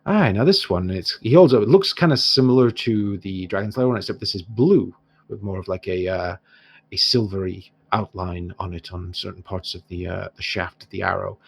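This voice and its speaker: A man's voice: sits low, normal speed, vocal fry, slight background noise. A man narrating as game master of a tabletop game in a laid-back way.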